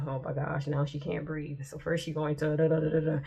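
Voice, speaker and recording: A woman's voice: sits low, little pitch movement, brisk, creaky, mellow, husky, muffled recording. A woman vlogger giving casual commentary with chatty, exasperated asides as she reads text messages aloud.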